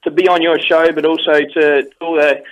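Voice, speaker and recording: A young Australian man calls in to a radio show by phone, relaxed and matey. His voice sits a little high. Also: normal speed, highs cut off. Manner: friendly, saying "mate" often. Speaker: caller.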